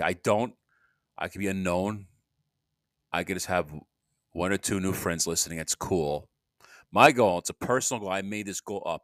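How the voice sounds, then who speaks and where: A man's voice: low-pitched, fairly bright tone, no room sound, studio quality. Rambling older man ranting solo. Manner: rambling, restless, rants with sudden bursts. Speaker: podcast host.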